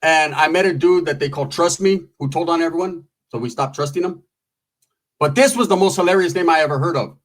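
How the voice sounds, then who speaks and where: A man's voice: on the high side, fairly quick. A man telling long, profane, rambling stories in a casual way, full of asides. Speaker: storyteller.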